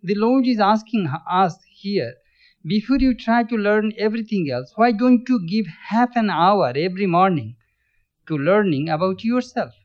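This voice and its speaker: Brief: man, high voice, swami giving a scripture talk, measured and halting, dull lo-fi recording. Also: animated. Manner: measured, thoughtful pacing with frequent restarts. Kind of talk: spiritual talk explaining scripture.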